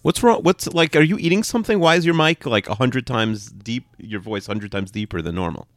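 A man co-hosting a casual sports podcast, talking in rapid, rambling, opinionated bursts full of "like". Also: medium pitch, no echo. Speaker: podcast co-host.

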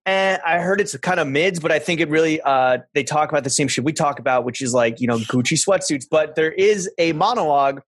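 A man's voice: fairly high pitch, a little fast, hardly any pauses. A man co-hosting a podcast, chatting casually with wry, joking commentary. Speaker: podcast co-host. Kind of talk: casual chat.

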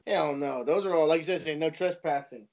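High-voiced rambling man, lo-fi. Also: a little fast, vocal fry, darkish tone. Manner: rambling storyteller, quotes people, laughs a lot. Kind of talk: casual chat.

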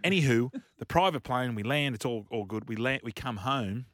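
Australian male radio co-host, animated storyteller, close dry studio mic. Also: mid-range voice, normal speed, no room sound. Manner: animated storyteller, laughs often. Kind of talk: casual radio banter.

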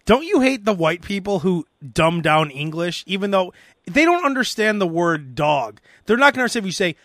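A man with a high, light voice hosts a casual podcast and tells lively comic stories. He is recorded close and dry, with no room around him. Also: a little fast, dry recording. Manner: animated storytelling, mimics voices. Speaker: podcast host. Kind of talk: casual comedic chat.

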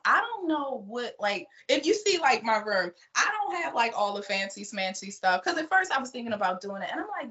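A woman with a Baltimore accent tells her stories candidly in casual podcast chat. Her voice runs a little high and swings widely, bright and forceful. The audio is dull and lo-fi. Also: fairly quick, hardly any pauses. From Baltimore, USA. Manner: candid, animated storytelling. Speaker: podcast guest.

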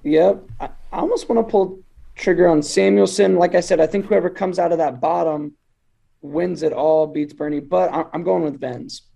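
A teasing co-host in a casual sports chat, with a very gravelly voice and a mellow, dark tone. The talk is full of casual hedging. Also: mid-range voice, normal speed.

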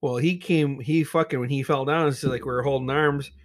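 A man's voice: mid-range voice, fairly even intonation, fairly quick, no echo, clean studio sound. A man telling a childhood story in casual chat, swearing freely, laughing often and acting out his friends' voices. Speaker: podcast co-host.

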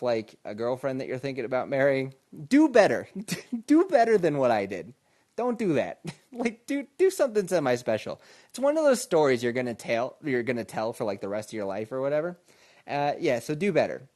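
A man's voice: mid-range voice, a little mellow. A podcast host, a man, telling a casual, laid-back story, laughing often and calling listeners "man".

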